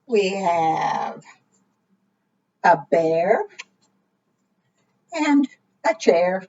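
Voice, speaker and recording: A woman hosting preschool storytime, talking slowly and gently in a sing-song way for small children. Her voice rises and falls a lot. The sound comes through a little muffled. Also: on the low side, big pitch swings, creaky. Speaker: children's librarian. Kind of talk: preschool storytime read-aloud.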